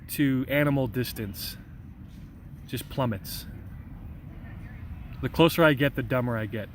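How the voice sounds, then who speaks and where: A young man rambles and jokes through a casual live vlog, reading out chat messages. He speaks slowly in a middle-pitched voice, with a faint outdoor hum behind him. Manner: rambling, joking, goofy. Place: outdoors in a park.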